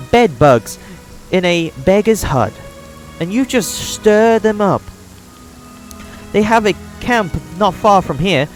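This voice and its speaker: A gruff middle-aged trader from a fantasy game, as a man puts him on, with a hammy foreign-sounding lilt. The voice sits higher than a plain speaking voice and swings widely in pitch, with a faint bed of music behind. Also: exaggerated voice, poor audio. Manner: theatrical, attempted foreign accent.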